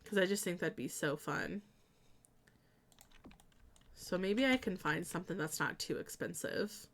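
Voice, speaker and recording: A young woman streaming casually as she builds in a game, chatty and giggly with sudden bursts of excitement. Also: lowish voice, a little slow.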